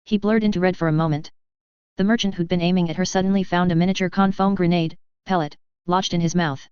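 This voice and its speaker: A woman reading a first-person fan fiction story aloud in a steady narrating voice. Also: lowish voice, quick pace, clear, resonant tone, dry recording. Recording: dull lo-fi dry recording.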